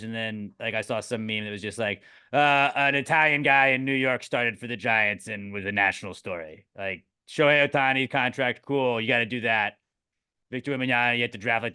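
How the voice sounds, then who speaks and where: A young man with a bright, forward voice and a smooth, clear tone, co-hosting a podcast. He tells loose, profane stories in easy chat and mimics tough guys when he quotes them. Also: mid-range voice. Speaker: podcast co-host. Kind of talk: casual chat.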